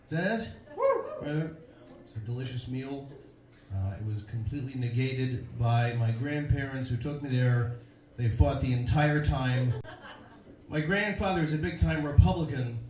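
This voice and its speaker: A young man performing a stand-up comedy set on a club stage, delivering deadpan stories with punchlines. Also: mid-range voice, normal speed. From Chicago, USA. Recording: echoey live club room.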